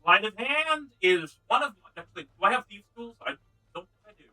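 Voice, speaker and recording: A man's voice: very high-pitched, lively intonation, fairly quick, bright, forceful tone, faint music behind, low-quality recording. A man playing a tabletop game, brash and enthusiastic. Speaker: player.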